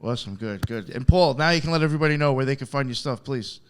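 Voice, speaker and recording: A man's voice: mid-range voice, expressive, smooth. A man hosting a podcast over a video call, politely wrapping up and passing the turn to each guest. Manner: brisk, polite, directing turns. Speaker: podcast host.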